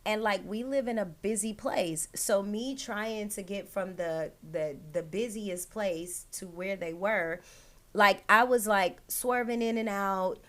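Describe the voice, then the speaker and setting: A woman's voice: mid-range voice, takes it slowly, fairly bright tone. A woman hosting her own show, telling an emotional personal story straight to her listeners with many "like" and "right?".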